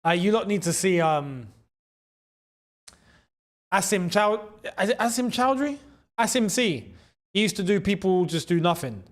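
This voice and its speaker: A young man with a London accent hosting a live football watchalong, chatting in slang and breaking into excited shouts at big chances. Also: sits high, a little slow, pauses often. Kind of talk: live match watchalong commentary.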